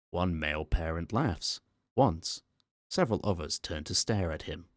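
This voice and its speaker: A man reading a horror story aloud as an ASMR narrator, calm, measured and matter-of-fact, on a close microphone. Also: sits low, dry recording.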